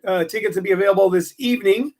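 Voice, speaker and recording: A man's voice: high-pitched, rapid-fire, darkish tone. A man hosting his own show, talking in a wry, joking monologue full of ums and uhs. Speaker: podcast host and comedy teacher. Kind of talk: rambling comic monologue.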